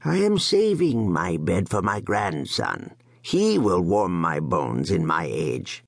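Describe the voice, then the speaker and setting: A man's voice: low-pitched, wildly swooping pitch, takes it slowly, vocal fry, no echo, studio quality, full character voice. A man voicing a coughing, stingy old peasant father who speaks in a querulous, wheezing way in a storybook reading. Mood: wistful. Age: older.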